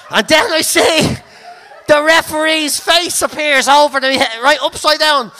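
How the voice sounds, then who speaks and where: A man, a comedian telling a sweary story with shouted, laughing bursts. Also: very high voice, steady tone, a little slow. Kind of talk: storytelling anecdote.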